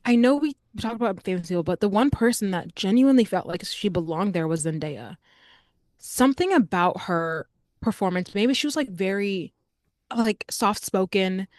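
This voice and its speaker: A young adult woman co-hosting a podcast, reviewing a film in casual, animated chat full of filler words. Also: mid-range voice, normal speed, dry recording, studio quality. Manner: chatty, animated, frequent "like" fillers. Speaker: podcast co-host.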